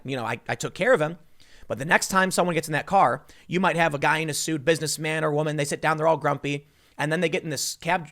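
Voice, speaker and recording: A man delivers a casual commentary monologue in a slightly high voice. He talks emphatically, often restarting his sentences as he tells a story to the listener. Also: fairly bright tone. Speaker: political commentary host.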